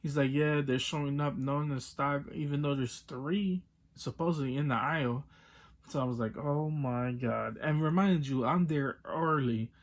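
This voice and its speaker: A man's voice: on the high side, normal speed. A young man telling a frustrated story in a casual vlog rant, acting out both sides of the talk, with many fillers. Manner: exasperated, retells with quoted dialogue and many fillers. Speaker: toy collector vlogger.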